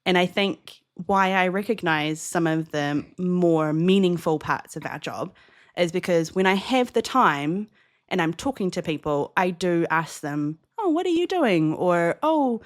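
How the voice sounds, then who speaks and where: A young woman from New Zealand with a New Zealand accent, co-hosting a podcast and telling a lively story in casual chat, jumping higher when she acts out dialogue. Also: measured pace. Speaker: podcast co-host.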